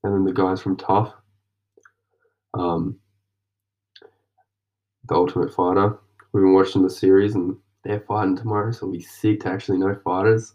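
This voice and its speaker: A man's voice: low voice, little pitch movement, moderate pace, pauses often, mellow. A young Australian man rambling in a casual late-night monologue, slangy and loose, drifting into whispers now and then. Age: young adult. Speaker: vlogger journaling. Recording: dull lo-fi mic.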